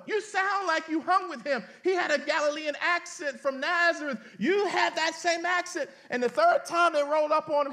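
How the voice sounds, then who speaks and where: A man preaching a sermon, reading scripture aloud and speaking colloquially to his congregation, with sudden dramatic rises into shouting. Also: extremely high pitch. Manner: colloquial, addresses the congregation directly. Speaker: pastor.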